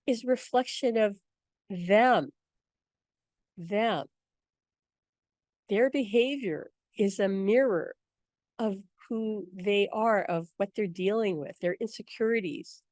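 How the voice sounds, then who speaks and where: A woman's voice: on the high side, darkish tone, no echo. Woman teaching a workshop, chatty and direct, laughs often, dry close sound. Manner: chatty and direct, keeps checking in with listeners; laughs easily mid-sentence.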